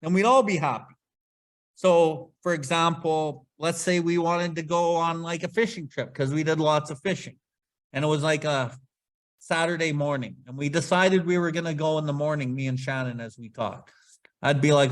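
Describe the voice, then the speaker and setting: A man's voice: on the high side, moderate pace. A man leading a casual recovery study talk, blunt and swearing freely as he acts out his own past outbursts. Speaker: podcast host leading Big Book study.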